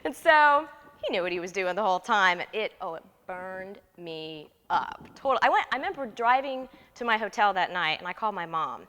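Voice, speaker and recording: A woman in her thirties, an interview guest telling a story in a lively, animated way and acting out the quotes. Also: mid-range voice, fairly quick, long reverb tail. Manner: lively, laughing, acts out quotes.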